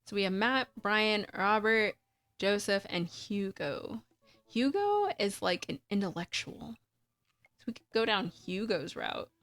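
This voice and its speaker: A chatty woman with a raspy, husky voice, streaming a game, talking through it casually and reading the on-screen text aloud. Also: mid-range voice, unhurried, fairly bright tone, no room sound. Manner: chatty, talkative.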